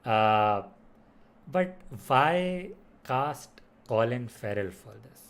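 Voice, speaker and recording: A man's voice: mid-range voice, expressive, extremely slow, clean tone. A man giving a casual spoken film review, rambling with lots of fillers and restarts. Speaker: movie reviewer.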